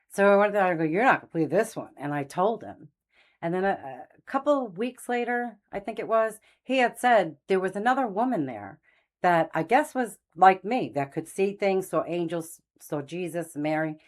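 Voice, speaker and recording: Low-voiced woman telling a faith story. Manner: earnest, rambling, frequent fillers and restarts. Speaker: channel host telling faith stories. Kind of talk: casual testimony monologue.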